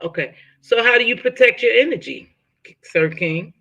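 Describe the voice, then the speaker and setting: A woman's voice: on the high side, expressive, normal speed, sharp tone, highs cut off. A woman hosting a casual live-stream chat, asking a guest probing questions in a friendly way. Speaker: host interviewing a chat guest.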